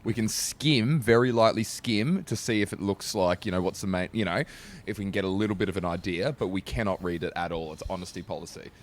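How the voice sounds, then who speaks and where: A man's voice: low voice, a little fast. An Australian man co-hosting a comedy podcast, cracking crude jokes and reading out show announcements. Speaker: podcast co-host. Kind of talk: casual comedy podcast banter.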